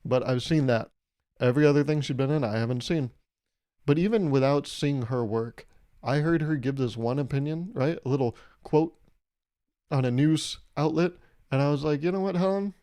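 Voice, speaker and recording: A young man hosting a solo comedic podcast, rambling and irreverent, swearing freely and breaking into loud mock voices when he quotes people. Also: medium pitch, normal speed. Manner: profane. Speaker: podcast host.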